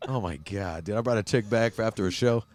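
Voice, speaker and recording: A man's voice: on the low side, a little hiss or hum. A man who is a guest on a casual podcast, telling a story with lots of swearing and "dude". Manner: animated, profane, says "dude" a lot. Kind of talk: casual chat.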